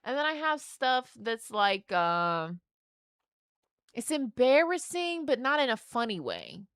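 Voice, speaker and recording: Young woman streamer, casual rambling chat, bright tone, dry close sound. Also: on the high side, sing-song, measured pace, clear, resonant tone, dry recording. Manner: rambling, filler-heavy storytelling with restarts.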